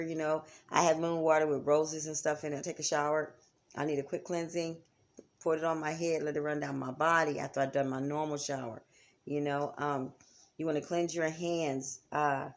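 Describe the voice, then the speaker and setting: A woman giving a chatty, casual lesson on spiritual practice, often checking in with her listeners. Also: deep voice. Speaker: psychic teacher. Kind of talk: casual instructional talk.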